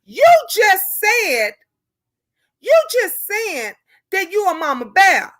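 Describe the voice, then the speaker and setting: A woman's voice: extremely high pitch, very animated, slow, a bit bright. A woman hosting a live stream, ranting in a fiery, preachy way and repeating rhetorical questions to her viewers. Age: older.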